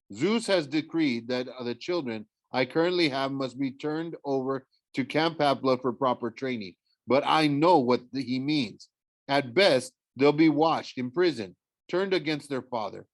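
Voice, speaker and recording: A man's voice: mid-range voice, expressive, unhurried, no echo, natural voice. A man reading aloud, voicing an agitated, powerful god pleading urgently with the woman he loves.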